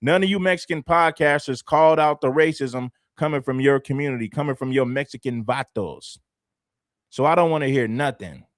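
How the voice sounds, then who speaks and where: A man's voice: mid-range voice, brisk, no room sound, clean studio sound. A man from Los Angeles hosting a commentary livestream, talking assertively and repeating his points for emphasis. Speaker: livestream host.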